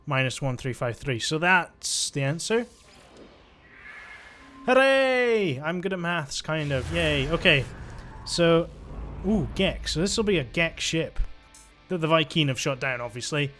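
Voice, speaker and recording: A man's voice: fairly high pitch, moderate pace, sharp tone, soft background music. A man giving chatty, joking commentary while he plays a video game. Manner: chatty, joking, thinks aloud. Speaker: let's-play gamer. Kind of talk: casual gameplay commentary.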